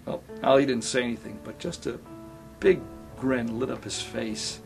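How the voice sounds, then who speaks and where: A middle-aged male actor telling a personal story in a reflective, sometimes soft and quiet way. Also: medium pitch, moderate pace, gravelly, soft background music.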